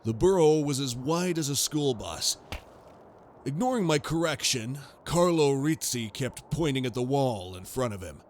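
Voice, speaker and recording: A man's voice: mid-range voice, lively intonation, darkish tone, a little hiss or hum. A man giving a grave, scripted sci-fi horror narration. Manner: slow, grave storytelling.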